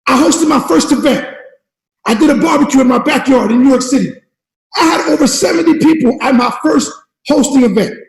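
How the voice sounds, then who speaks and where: Man, high-pitched, gravelly, shouting motivational speech, echoey room with long reverb. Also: brisk. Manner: shouting, fired-up preacher-like delivery. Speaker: network marketing leader.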